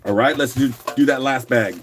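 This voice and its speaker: Male auction host, rough morning voice, easygoing chatter, mid pitch. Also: fairly quick, a little hiss or hum. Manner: relaxed, chatty, clears throat often. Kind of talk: casual live auction chat.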